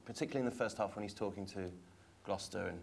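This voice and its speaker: A man's voice: fairly low pitch, racing, vocal fry, slight background noise. A man, an actor, speaking on a stage panel in a hesitant, thoughtful way with many fillers. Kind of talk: panel discussion.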